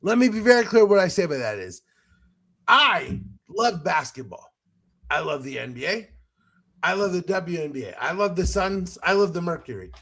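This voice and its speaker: High-voiced man ranting in casual chat. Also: moderate pace. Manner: animated, profane ranting with laughing asides. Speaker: podcast host.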